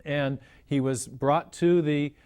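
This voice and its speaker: A man explaining cosmology in a measured lecture style, often restarting his phrases as he works through an idea. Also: a little high, fairly even intonation, a little mellow, clean tone.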